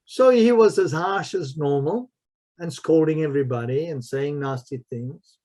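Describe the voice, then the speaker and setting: Telling stories during a podcast interview, a martial arts master and spiritual mentor speaks emphatically and repeats key phrases. His voice is on the high side and mellow, at a moderate pace.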